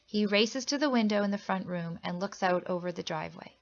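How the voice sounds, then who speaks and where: Woman, storybook read-aloud, gentle expressive telling, gravelly edge, muffled lo-fi sound. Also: brisk. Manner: gentle, expressive storytelling that lifts pitch for characters' lines. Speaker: storybook reader. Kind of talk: children's picture book read-aloud.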